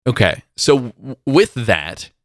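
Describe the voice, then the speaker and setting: A man's voice: mid-range voice, sing-song, slow, fairly bright tone. A young man co-hosting a casual morning talk show, musing aloud with hesitant, wondering remarks. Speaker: co-host. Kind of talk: casual chat.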